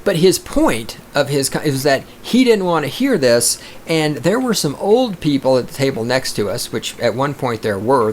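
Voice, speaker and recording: A man hosting a podcast, delivering a profane, combative rant that swings into loud outbursts. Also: mid-range voice, slight background noise. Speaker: podcast host. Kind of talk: profane ranting monologue.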